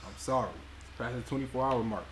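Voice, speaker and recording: A calm, patient male airline agent , as a man plays him, answers the phone in a polite, scripted way. His voice sits at an ordinary middle pitch and stays even. Clear background noise runs under the sketch audio. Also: fast talker, close to an everyday voice.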